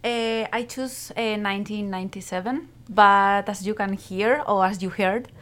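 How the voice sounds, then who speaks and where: A woman's voice: mid-range voice, steady tone, normal speed, fairly bright tone. A woman from Spain in her forties, a guest on a radio show, speaking English with a Spanish accent as a second language and sometimes searching for words. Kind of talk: casual radio interview. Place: radio studio.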